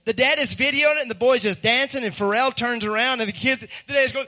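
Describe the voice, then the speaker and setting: A man pastor, preaching a sermon in an animated way, dropping to a hush and then rising to a shout. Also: very high voice, brisk, few pauses. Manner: animated, swings from hushed to shouting, acts out voices.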